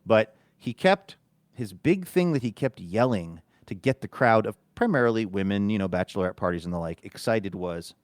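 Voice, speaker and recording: A man's voice: on the low side, lively intonation, normal speed, no room sound. A man co-hosting a podcast, telling a rambling, self-amused story in casual chat. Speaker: podcast co-host.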